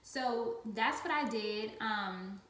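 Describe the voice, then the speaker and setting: A woman's voice: fairly high pitch, slow pace, a bit bright, reverberant. A woman leading a business team, talking casually about her faith and stressing points by repeating words. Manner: emphatic, repeats phrases for stress. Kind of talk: casual faith-based vlog talk.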